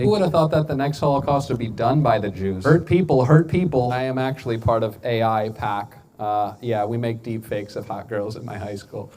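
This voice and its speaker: A young man doing stand-up crowd work outdoors on a city street through a portable speaker, firing off quick political one-liners and teasing people passing by. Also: medium pitch, a little mellow, slight background noise. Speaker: stand-up comedian. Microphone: amplified through a portable speaker.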